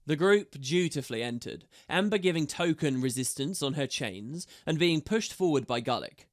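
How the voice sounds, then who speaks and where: A man reading a fantasy audiobook aloud with steady, measured narration. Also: a little high.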